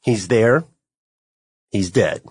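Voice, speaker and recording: A man's voice: lowish voice, extremely slow, darkish tone, slightly rough, no room sound. A man co-hosting a podcast in casual chat, joking with his co-host.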